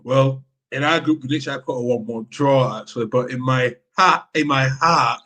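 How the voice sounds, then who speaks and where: Passionate football fan. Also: male voice, medium pitch, moderate pace. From Yorkshire, England. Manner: animated, passionate fan talk with many restarts. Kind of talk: casual live-stream football chat.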